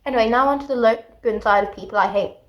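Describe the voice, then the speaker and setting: A woman giving a casual book review vlog, talking in an animated, exasperated rant. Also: fairly high pitch, fast talker. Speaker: book vlogger.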